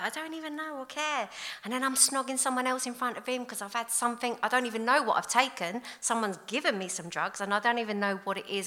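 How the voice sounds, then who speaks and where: A woman, giving a candid, blunt recovery testimony in an animated storytelling way. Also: medium pitch. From London. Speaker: recovery speaker. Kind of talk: personal testimony talk.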